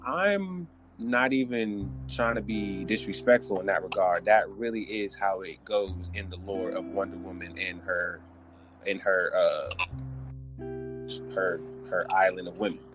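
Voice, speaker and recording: A man hosting a podcast, ranting in casual chat in an animated, joking way with loose slang. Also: deep voice, measured pace, over music. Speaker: podcast host.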